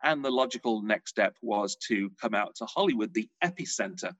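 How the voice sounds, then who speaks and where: A man's voice: fairly low pitch, a little fast, no room sound, rough recording. A middle-aged man, a showbiz journalist telling stories in a casual interview. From England. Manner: chatty storyteller, animated.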